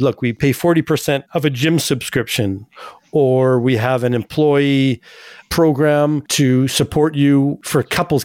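A man's voice: medium pitch, darkish tone, no echo, clean studio sound. A man hosting a radio show, chatty and anecdotal, with frequent asides. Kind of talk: casual radio talk.

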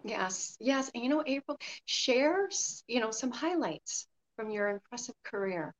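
A woman's voice: fairly high pitch, expressive, unhurried, low-quality recording. A woman interviewing a guest, encouraging her with frequent short affirmations. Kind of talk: casual interview.

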